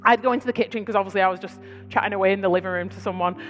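A British woman preaching to her church, telling stories in a chatty, conversational way with quick asides. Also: medium pitch, steady tone, big-room sound, soft background music. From Britain. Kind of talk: sermon. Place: large church hall.

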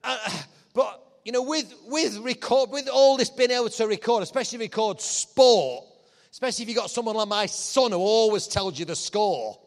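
A man preaching a lively, joking sermon to a church congregation, his voice often rising to shouts of excitement. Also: high voice, moderate pace. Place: church hall. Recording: long hall reverb.

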